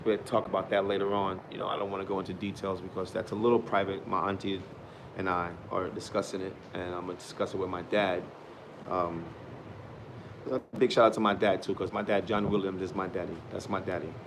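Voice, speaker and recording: A middle-aged man vlogging in a casual, rambling way, swinging from loud preachy bursts to quiet, mumbled reflection. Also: deep voice, flat delivery, brisk, noisy background.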